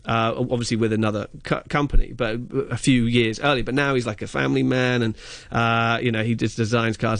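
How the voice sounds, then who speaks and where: A man's voice: mid-range voice, brisk, vocal fry, fairly bright tone, dry recording, studio quality. A man chatting on radio as a film reviewer, enthusiastic and rambling, with many fillers and restarts. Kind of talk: casual radio chat.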